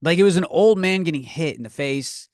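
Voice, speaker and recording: A man's voice: a little high, a little fast, darkish tone, dry recording, clean studio sound. A man hosting a comedy podcast, ranting with lots of profanity and stumbling restarts, recorded on his own podcast microphone. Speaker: podcast host. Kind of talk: comedic rant.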